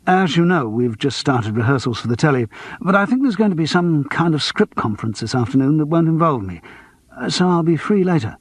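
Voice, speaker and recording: A man's voice: a little high, expressive, brisk, husky, dry recording, pitched above the performer's own voice. A man voicing a struggling actor who speaks politely and hesitantly. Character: wry, struggling middle-aged male actor. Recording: dry close studio.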